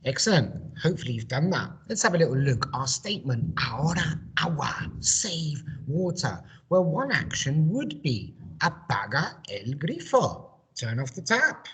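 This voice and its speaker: A primary school teacher, speaking in a very low register. Her voice rises and falls a lot as she encourages children and drills words call-and-response. Her tone is husky and breathy. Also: big pitch swings, normal speed, fairly bright tone. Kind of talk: recorded home-learning language lesson.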